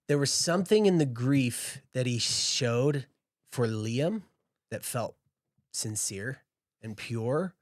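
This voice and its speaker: A man's voice: mid-range voice, animated, slow pace, no room sound, studio quality. A man running a tabletop game as game master, narrating scenes in a loose, descriptive way.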